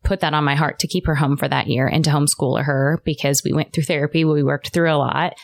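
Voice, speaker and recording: A woman's voice: low voice, steady tone, fast talker, gravelly, no echo. A woman co-hosting a podcast who talks earnestly about her family and her faith. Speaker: podcast co-host. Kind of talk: casual chat.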